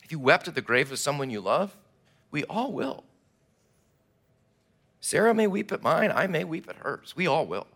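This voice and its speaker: Preacher guy, lively up and down voice, bright tone, tells the story with feeling. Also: a little high, normal speed, long pauses. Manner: animated, storytelling delivery with acted quotes. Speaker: pastor. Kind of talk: sermon.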